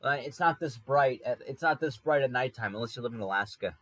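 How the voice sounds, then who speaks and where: A man's voice: medium pitch, fairly quick, a bit bright. A man rambles through a casual story in a wry, self-correcting way, recorded from an apartment room. His voice sits mid-range and the sound is dry and close, with no room echo. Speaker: podcast host. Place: room in an apartment near a highway.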